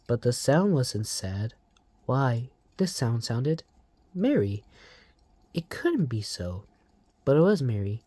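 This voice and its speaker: A channel host slowly reading a storybook aloud, emotional about the story. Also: mid-range voice, sing-song, warm tone, no room sound.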